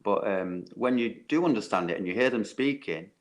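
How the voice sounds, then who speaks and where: A man's voice: on the low side, lively intonation, normal speed. A man chatting casually on a panel call in a laid-back, easygoing way. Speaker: panel guest. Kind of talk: casual chat.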